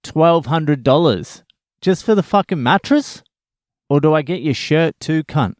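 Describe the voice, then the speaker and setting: A man's voice: on the high side, unhurried, dry recording, studio quality. A man, a father in his thirties, telling a profane, joking story about furniture shopping in a casual vlog. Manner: profane, joking, animated retelling. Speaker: vlogger.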